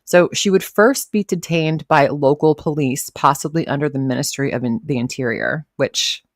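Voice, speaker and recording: A woman's voice: deep voice, moderate pace, no room sound, clean studio sound. A woman hosting a casual live stream, chatting and rambling as she reads posts aloud and greets viewers in the chat. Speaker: livestream host reacting to commentary.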